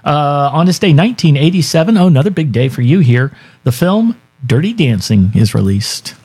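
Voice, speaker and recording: A man's voice: a little high, sing-song, normal speed, a little mellow, breathy edge. A man co-hosting a radio show in casual banter, chatty and joking as he reads out this day in history. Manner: chatty, laughs often, light joking delivery. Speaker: radio co-host.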